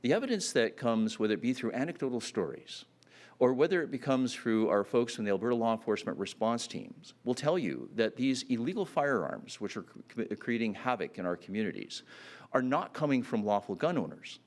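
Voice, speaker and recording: A man's voice: medium pitch, lively intonation, a little fast, darkish tone. A man giving a campaign speech at a public announcement, earnest and full of fillers and restarts. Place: announcement event.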